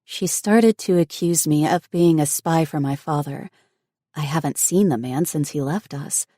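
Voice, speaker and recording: A woman's voice: low-pitched, measured pace, dark tone, no echo, studio quality. A woman voicing an anxious young woman who grieves for her ill mother, speaking in an earnest, emotional way. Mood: sad.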